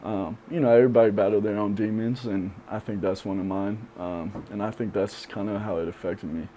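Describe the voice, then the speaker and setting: A young man being interviewed on a podcast, speaking candidly and reflectively, with many pauses and fillers. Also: on the low side, steady tone, background noise. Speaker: podcast guest.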